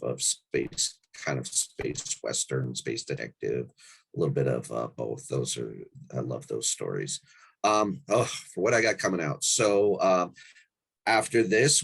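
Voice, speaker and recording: A man, an anthology editor, chatting in a round table and talking in a halting way with many fillers. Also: extremely low pitch, slightly rough. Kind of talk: casual round-table chat.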